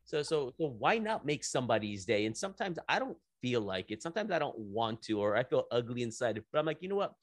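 A man's voice: mid-range voice, fairly quick, hardly any pauses, no echo. Guy hosting a chatty interview, keeps restarting his sentences, dry close sound. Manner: animated, repeats words as he restarts sentences. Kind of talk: casual conversational interview.

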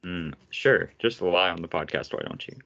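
A young man hosts a casual podcast with a fairly low voice. He rants and vents with sarcasm and plenty of swearing. The recording sounds dull and lo-fi. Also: normal speed, gravelly, fairly bright tone. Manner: ranting, sarcastic, swears often. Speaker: podcast host.

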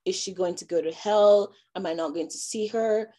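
A young woman from Nigeria, giving a halting personal testimony full of fillers and restarts. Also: medium pitch, dark tone. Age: young adult. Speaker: interviewee.

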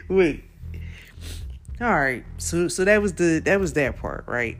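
Slow-talking man hosting a casual podcast. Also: on the high side, expressive, a bit bright, slight background noise. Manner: slangy and profane, laughs often, acts out his reactions. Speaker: podcast host. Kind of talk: casual TV recap chat.

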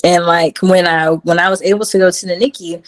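A woman's voice: brisk, rough recording. Woman, 30s, podcast guest, chatty storyteller who acts out the quotes. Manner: animated, acts out quotes in a high voice. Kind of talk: casual storytelling.

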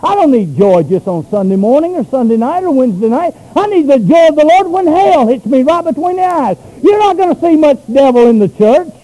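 A pastor preaching a sermon, swinging between loud shouted runs and quiet low asides. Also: male voice, big pitch swings, a little fast, few pauses, poor audio.

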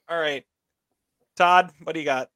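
A man's voice: a little high, expressive, slow, sharp tone, no room sound. A man hosting a casual movie podcast in an easygoing manner, laughing often. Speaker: podcast host.

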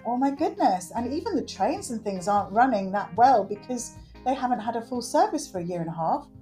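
Soft background music accompanies a middle-aged woman, an interview guest who works with children. Her slightly high voice moves briskly as she talks earnestly and animatedly in this conversational interview, acting out quotes.

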